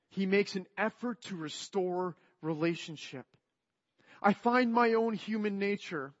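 A man preaching a sermon in an earnest way, moving between soft, quiet passages and emphatic ones. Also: sits high, dull audio. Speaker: pastor.

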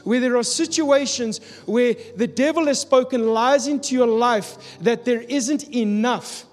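A man's voice: very high voice, measured pace. A man preaching a sermon, telling a personal story in an earnest, confessional way, from South Africa. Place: church hall. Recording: long hall reverb with soft music.

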